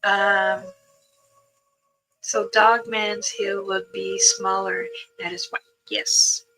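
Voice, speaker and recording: An older woman talking casually with viewers on a live stream, in a gentle, wandering way, with soft words that trail off. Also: mid-range voice, flat delivery, drawn-out words, creaky, rough recording. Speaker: livestream host answering viewers. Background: music playing in the background.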